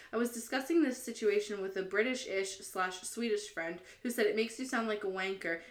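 A woman's voice: medium pitch, fairly bright tone, roomy sound. A woman co-hosting a podcast, chatting casually and reading forum posts aloud, laughing often as she reads. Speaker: podcast co-host.

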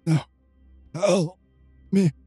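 Brief: man doing a weak, high, pleading chained vampire, starving and frail, tabletop game. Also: steady tone, extremely slow, warm tone, breathy edge, no room sound, soft background music, full character voice. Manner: faint, pleading voice.

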